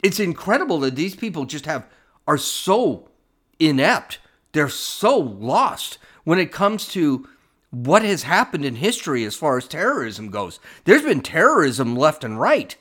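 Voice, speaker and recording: A man's voice: fairly high pitch, a little slow. A man hosting a podcast, giving scornful opinionated commentary with frequent restarts. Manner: scornful, animated, stumbling restarts. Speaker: podcast host.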